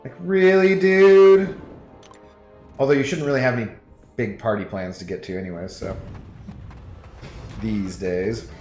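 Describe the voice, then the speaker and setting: A man's voice: on the low side, normal speed, long pauses, darkish tone. A man streaming from home who chats with viewers while he plays, rambling, laughing often and reading chat aloud. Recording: roomy echo with faint music.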